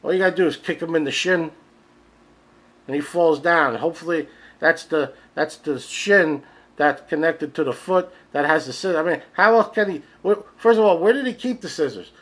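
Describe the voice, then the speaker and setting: A man's voice: a little high, normal speed, poor audio. A man hosting a comedy podcast, ranting in disbelief about news stories, swearing freely and acting out the people he describes. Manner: incredulous, ranting, profane; acts out the people in his stories, rising to shouts. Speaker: podcast host. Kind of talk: comedic rant.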